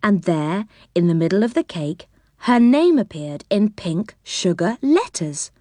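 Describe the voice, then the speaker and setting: Lady reading a kids' storybook, gentle and expressive, dry mic. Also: medium pitch, unhurried, no echo. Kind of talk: reading a children's storybook aloud.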